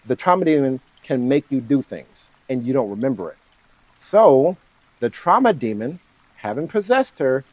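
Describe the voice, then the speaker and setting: A man's voice: fairly high pitch, no echo, low-quality recording. A man casually retelling and reworking a film's plot, rambling, with lots of "like" and "right?". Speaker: study vlogger.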